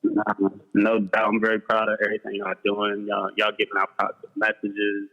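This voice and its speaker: Gravelly, bright-voiced man calling in. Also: lowish voice, monotone, brisk, muffled recording. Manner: laid-back, slangy, repeats words as he starts sentences. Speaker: guest calling in. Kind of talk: casual chat. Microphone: call-in remote audio.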